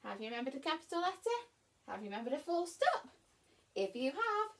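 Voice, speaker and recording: Animated, high-voiced woman teaching young children. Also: brisk, slight background noise. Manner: sing-song, encouraging, exaggerated for young children. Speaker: primary school teacher. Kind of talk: remote phonics and reading lesson for young children.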